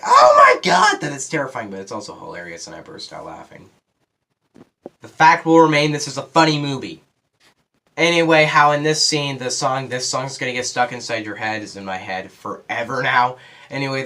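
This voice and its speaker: A man's voice: mid-range voice, a bit bright. Rambling young male movie reviewer. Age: teens. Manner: rambling, filler-heavy, quick asides. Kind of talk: casual spoiler review.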